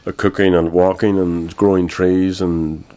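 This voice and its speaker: An older Irish man, a guest in a radio interview, speaking in a measured, grave way with frequent pauses. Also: deep voice, little pitch movement, dark tone. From Ireland.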